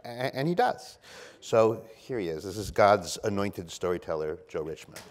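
A man's voice: on the low side, expressive, normal speed. A man hosting a live event, introducing a guest to an audience in a playful, wry way. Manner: playful, wry, storytelling delivery.

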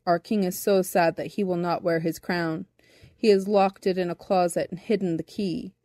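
A woman's voice: fairly low pitch, steady tone, moderate pace, warm tone, no echo, studio quality, voice pushed down, natural voice. A woman voicing a seven-hundred-year-old male brownie sea captain who talks down to others in a storybook reading. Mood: grave. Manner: lofty, scolding. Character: ancient know-it-all male brownie captain.

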